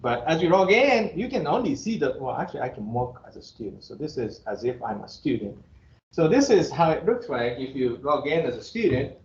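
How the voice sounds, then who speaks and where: His voice sits on the high side, swinging widely in pitch and moving fairly quickly. A fifty-something engineering professor with a Japanese accent, he lectures bluntly and jokingly with chuckles in between, his voice echoing through the room on a dull, muffled recording.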